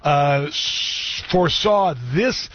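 A man's voice: a little high, slow pace, a bit bright, dry recording. A man hosting a political talk radio show, indignant and emphatic, firing off rhetorical questions. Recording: dull lo-fi radio sound, dry.

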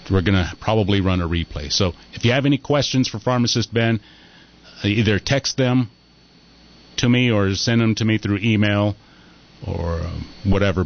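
A man's voice: fairly low pitch, muffled recording. A man hosting a call-in radio show, rambling with many "um"s and restarts.

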